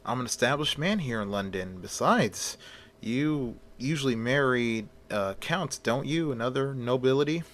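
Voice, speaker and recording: A man's voice: medium pitch, animated, normal speed, fairly bright tone, voice pushed up, lightly acted. A man voicing a polite doctor in an amateur story reading, stammering at times and turning stern. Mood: flustered doctor.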